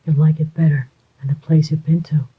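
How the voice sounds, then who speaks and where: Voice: mid-range voice, flat delivery, brisk, breathy edge. A reader voicing a sly, contemptuous man posing as an army major, in a whispered role-play with a faintly mocking manner. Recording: dull lo-fi recording.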